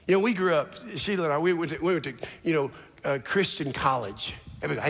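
A man preaching a sermon as a church's founding pastor on a large stage, swinging from low murmurs to shouted declarations. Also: quick pace, creaky, in a large hall.

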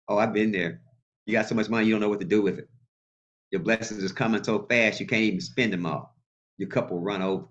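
A male pastor preaching a sermon in a colloquial, animated way and calling out to his congregation. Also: on the low side, fairly quick, pauses often. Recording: muffled lo-fi sound.

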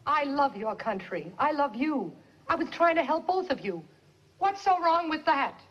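A woman's voice: sits high, sing-song, moderate pace, a bit bright. A brassy American lady ambassador. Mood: pleading. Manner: brassy, direct, folksy talk. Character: brash, warm American woman ambassador. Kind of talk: 1950s film acting. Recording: dull 1950s film soundtrack with music.

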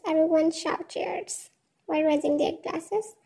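A woman's voice: extremely high pitch, steady tone, moderate pace, warm tone, poor audio. A woman reading a fan fiction story aloud, speaking the speaker tags and stage cues along with the text.

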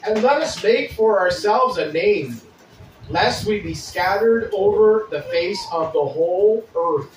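A man preaching a sermon, reading scripture aloud with deliberate pauses and restarts. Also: high-pitched, animated, roomy sound, far from the mic, a little hiss or hum, rough recording. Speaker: pastor.

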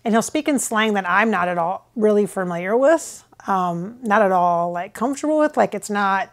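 A woman's voice: medium pitch, lively intonation, normal speed. An American woman talking casually to camera in a rambling, hesitant way, often restarting her sentences. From United States. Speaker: channeler. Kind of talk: casual spoken reflection to camera. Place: at home with her husband filming.

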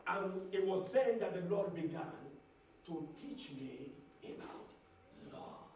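High-voiced preaching pastor in an echoey hall. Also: male voice, expressive, slow, a little hiss or hum. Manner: impassioned preaching, repeats phrases, builds to shouts. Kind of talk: sermon. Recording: echoey hall, mic at a distance.

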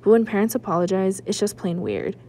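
A woman librarian reading a children's novel aloud, with expressive first-person narration. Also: mid-range voice, brisk, slight background noise. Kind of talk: children's book read-aloud.

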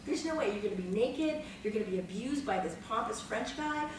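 A woman in her fifties, an actress on a panel, telling behind-the-scenes stories in a lively, dramatic way, laughing and swearing freely. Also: on the high side, a little fast. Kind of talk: animated anecdotal storytelling. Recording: echoey room, mic far off, noisy.

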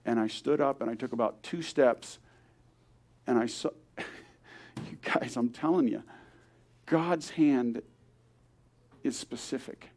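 A man's voice: medium pitch, takes it slowly, long pauses, a little mellow. An older man, a grandfather, telling an earnest story at a church service, acting out the voices of the people he quotes. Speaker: guest speaker.

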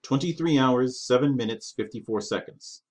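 A man's voice: mid-range voice, normal speed, a little mellow, voice pushed up, close to an everyday voice. A courteous robot aide with a raised, carefully precise delivery, as a man puts him on. He speaks formally and earnestly, every figure exact. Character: polite formal male robot helper.

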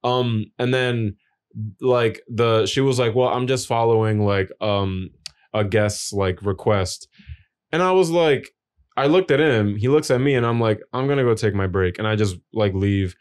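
A man's voice: lowish voice, unhurried, clear, resonant tone. A young man co-hosting a podcast, telling long, rambling stories in casual chat and swearing often. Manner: rambling, profane storytelling. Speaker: podcast co-host.

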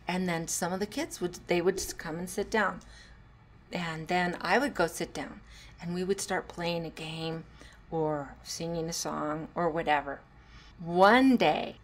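A woman hosting a solo podcast and talking through parenting advice. She is a former teacher, and she moves between hushed asides and bursts of laughter. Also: lowish voice, slight background noise. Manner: animated, drops to hushed tones and laughs while telling stories. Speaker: podcast host.

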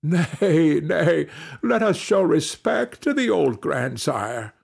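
Bullivant: a sneering, condescending colonial gentleman, lightly raised in pitch, voiced by a man. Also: very animated, takes it slowly, creaky, breathy edge, exaggerated voice. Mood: mocking. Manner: mocking, condescending. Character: mocking, laughing male colonial gentleman.

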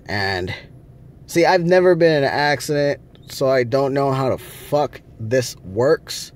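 A man's voice: mid-range voice, animated, measured pace. A man vlogging from a rental car, ranting angrily with lots of swearing. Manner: angry, profane ranting. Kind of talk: casual vlog rant.

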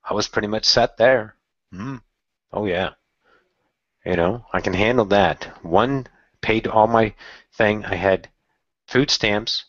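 A man casually telling a personal story in a candid, excitable way, swearing now and then. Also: on the low side, takes it slowly, pauses often, no echo, dull audio. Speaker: channeler telling his story.

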